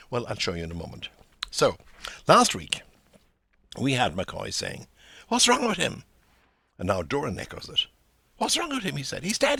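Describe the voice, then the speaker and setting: A man lectures on a novel with eager enthusiasm, reading passages and acting out the quoted lines. His voice sits low but swoops widely, with a gravelly, husky edge. The sound is close and dry. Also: bright, forceful tone, no echo. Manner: enthusiastic, acts out quoted dialogue. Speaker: podcast host and literary lecturer.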